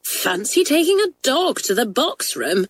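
A woman's voice: on the high side, very animated, a little slow, no echo, pitched above the performer's own voice. Brief: woman voicing a timid, wide-eyed schoolgirl, storybook, dry. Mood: amazed. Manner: amazed.

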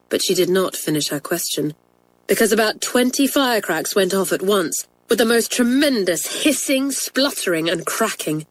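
A woman narrating a children's story in a clear, measured way. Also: medium pitch, animated, rough recording. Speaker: audiobook narrator. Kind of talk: storybook reading.

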